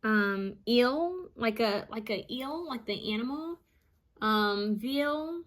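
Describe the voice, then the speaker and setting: A woman psychic medium reading out channeled messages, repeating each word she hears and pausing often with ums. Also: on the high side, animated. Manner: hesitant with frequent ums.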